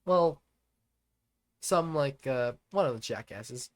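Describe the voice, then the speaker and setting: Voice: mid-range voice, lively intonation, slow. A let's-play host reading a visual novel aloud and chatting about it in a rambling way with lots of fillers and restarts.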